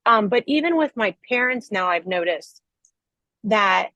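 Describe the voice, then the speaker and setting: A woman's voice: mid-range voice, expressive, measured pace, bright, forceful tone, no echo, rough recording. A woman hosting a podcast in a casual, candid chat, talking in an earnest and reflective way with frequent "um" and "like". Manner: earnest and reflective, with 'um' and 'like'. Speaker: podcast host.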